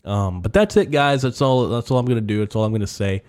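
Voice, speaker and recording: A man's voice: on the low side, fast, a little mellow. Profane ranting man hosting a podcast. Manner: profane, ranting, rambling with frequent fillers. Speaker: podcast host. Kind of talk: solo comedic monologue.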